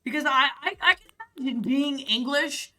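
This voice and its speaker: A young American woman chats on a live stream, rambling and swearing freely with plenty of fillers. Her voice is bright and a little high, with soft music playing behind her. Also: moderate pace. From United States. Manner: rambling, profane, filler-heavy. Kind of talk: casual live-stream chat. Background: faint music.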